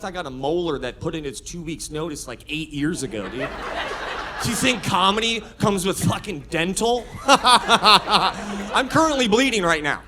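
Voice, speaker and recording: Brash high-voiced male stand-up comedian. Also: background noise. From Florida. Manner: brash, escalating to shouted rants. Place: comedy club stage with audience laughter.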